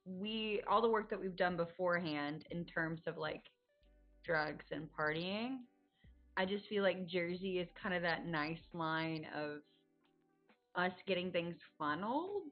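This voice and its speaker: A woman speaks up eagerly during tabletop game planning, pleading for her choice. Her slightly low voice sounds a little dull and lo-fi. Faint music plays beneath. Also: expressive, a little slow. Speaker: player.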